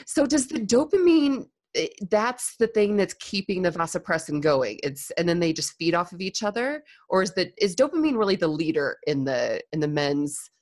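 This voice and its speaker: A woman's voice: fairly low pitch, sing-song, normal speed, hardly any pauses, a little mellow. A woman hosting a podcast interview, reacting with enthusiastic exclamations and asking follow-up questions. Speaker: podcast host. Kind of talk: conversational interview.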